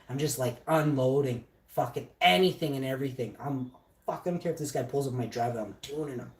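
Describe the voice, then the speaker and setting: A man's voice: medium pitch, fast talker. A man telling a personal story in a blunt, heavily profane casual monologue. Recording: echoey room, distant mic.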